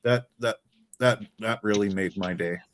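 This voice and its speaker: A man's voice: on the low side, normal speed, a little hiss or hum. Middle-aged man telling concert stories. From Canada. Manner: storytelling, repeats words, ends lines with "man". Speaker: co-host. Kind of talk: casual chat.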